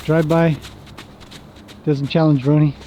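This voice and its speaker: A man's voice: fairly high pitch, little pitch movement, takes it slowly, dark tone, low-quality recording. A man, a horse trainer, chatting casually as he works his horses outdoors and talks fondly to them. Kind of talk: casual commentary while working horses.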